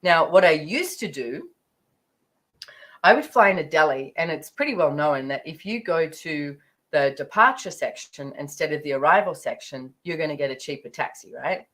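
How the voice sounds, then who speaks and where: A woman's voice: deep voice, lively intonation, moderate pace, a bit bright, rough recording. A middle-aged woman casually telling a personal story about money, chatty and rambling with lots of fillers. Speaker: speaker sharing her money journey.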